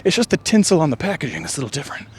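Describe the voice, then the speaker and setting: This vlogger's voice is a little high and darkish, swinging hugely in pitch as he runs along a rainy outdoor trail. Out of breath, he rambles, jokes, and muses with drawn-out sighs against faint rain hiss.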